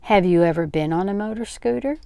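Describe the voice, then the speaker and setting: A woman's voice: medium pitch, quick pace, vocal fry, dark tone, no echo, lightly acted. An older woman reading aloud, voicing an easygoing teenage boy who coaxes and jokes. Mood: coaxing. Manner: persuasive, joking.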